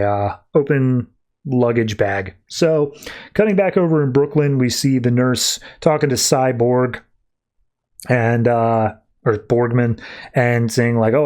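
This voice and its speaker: A man's voice: mid-range voice, a little mellow. A man hosting a podcast, recapping a comic issue in a loose, conversational way with frequent fillers. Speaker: podcast host. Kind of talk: casual comic book recap.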